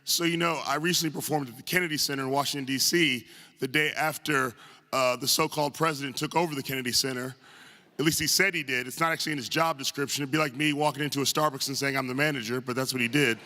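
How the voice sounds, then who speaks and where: A man's voice: mid-range voice, fairly even intonation, quick pace, pushed and bright. A man from the northern United States giving a humorous, self-deprecating speech at a tribute event, full of chatty asides. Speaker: guest speaker at a tribute event. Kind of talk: humorous anecdotal speech to a live audience. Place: large arts center auditorium. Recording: live hall reverb.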